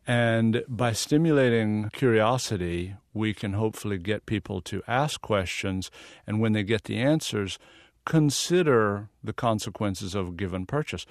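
Middle-aged Southern-born man, low voice, dry studio sound, earnest interview guest. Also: no echo. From American South. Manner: earnest, explanatory, laughs easily. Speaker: photographer guest. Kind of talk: radio interview.

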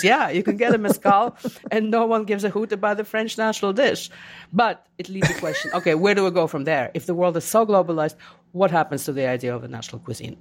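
An animated woman talking as a guest author. She tells her stories in a lively way and slips into quick impressions of the people she met. Her voice sits at an ordinary middle pitch for a woman. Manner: animated, acts out quoted voices. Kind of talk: casual interview conversation.

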